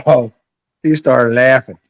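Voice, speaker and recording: Gravelly-voiced, foul-mouthed middle-aged man. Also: medium pitch, takes it slowly, dry recording, dull audio. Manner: profane, rambling, animated storyteller. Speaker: panelist. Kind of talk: casual storytelling on a live chat.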